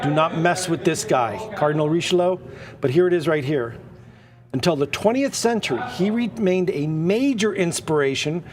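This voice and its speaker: A man hosting a live-streamed art auction, excitable and prone to rambling tangents. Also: fairly high pitch. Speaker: auction host.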